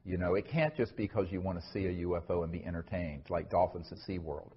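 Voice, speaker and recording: Here a man with a low-sitting voice talks fast as he answers a question from the audience at a lecture, earnest and full of fillers and restarts. The recording is dull and lo-fi, with a little hiss or hum.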